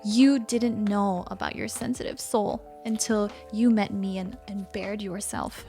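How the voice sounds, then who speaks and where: A woman co-hosting a laid-back conversation with her partner. She teases him playfully and throws in theatrical asides. A soft trace of music sits in the background. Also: medium pitch, steady tone, a little slow. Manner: playful and teasing, given to dramatic asides. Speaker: co-host. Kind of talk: casual couple chat.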